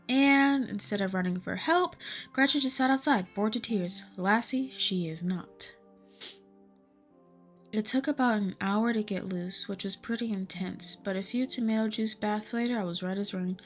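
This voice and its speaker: A woman's voice: mid-range voice, natural voice. Chipper nosy young monster-hunter girl, read by a woman, breezy, faint music behind. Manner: breezy, upbeat storytelling. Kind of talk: reading a game aloud.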